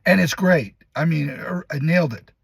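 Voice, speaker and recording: A man who acts in commercials, casually telling a lively behind-the-scenes story and acting out what others said. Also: a little high, moderate pace, gravelly, breathy edge, no echo. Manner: lively, laughs while telling, acts out other people's lines. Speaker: commercial actor.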